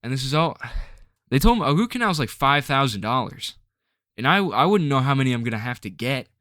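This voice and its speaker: A man's voice: medium pitch, very animated, a little fast, fairly bright tone, dry recording, clean studio sound. A man ranting to camera in a rambling, frustrated way, full of filler words and restarts. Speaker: vlogger.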